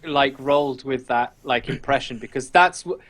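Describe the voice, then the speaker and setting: A man's voice: mid-range voice, normal speed, fairly bright tone. A man from the UK chatting casually on a podcast, upbeat and filling his talk with "like". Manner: chatty, frequent "like" fillers, upbeat.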